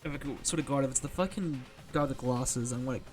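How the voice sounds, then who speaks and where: A man's voice: mid-range voice, fast talker, faint music behind. A man streaming a video game, reacting in casual, profane and exasperated commentary.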